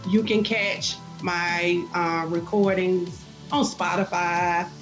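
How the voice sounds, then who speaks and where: A woman's voice: on the low side, steady tone, slow pace, soft background music, low-quality recording. A woman minister speaking as a podcast guest, fervent and emphatic, with many fillers. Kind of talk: preaching-style interview talk.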